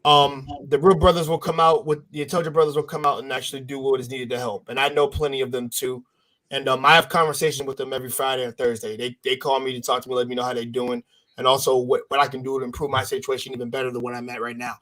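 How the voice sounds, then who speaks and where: A man's voice: medium pitch, level tone, fast talker, a bit bright. Blunt, profane man on a panel. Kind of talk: casual panel chat.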